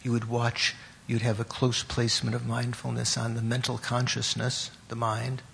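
A man teaching a class on Buddhist meditation and terms, pausing often, repeating words and putting questions to his students. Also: mid-range voice, monotone, gravelly, a bit bright, a little hiss or hum.

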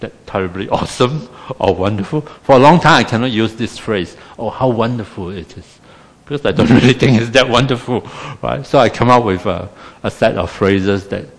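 A man's voice: medium pitch, fairly quick, hardly any pauses, long reverb tail. A man with a Singaporean English accent, teaching a meditation class in a wry, self-deprecating, chatty way full of tag questions.

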